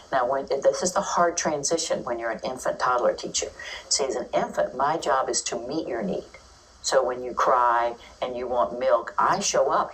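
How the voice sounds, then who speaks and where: Brief: deep-voiced woman educator, chatty talk recorded from across the room. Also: distant mic, poor audio. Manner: lively, acts out children's and teachers' voices. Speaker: early childhood educator giving a talk. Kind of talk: informal teaching talk.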